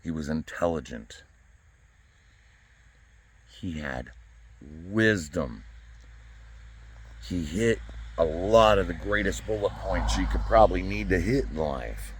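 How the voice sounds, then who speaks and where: Very deep-voiced man, earnest and halting. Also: lively intonation, slight background noise. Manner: earnest, halting, repeats words. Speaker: vlogger. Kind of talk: personal vlog monologue. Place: outdoors by a flagpole.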